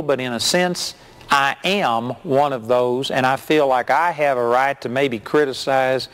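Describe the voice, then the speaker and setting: A middle-aged man preaching a sermon as a television minister, reading scripture and telling stories with animated mimicry. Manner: animated storytelling, mimics hyped preachers in a high voice.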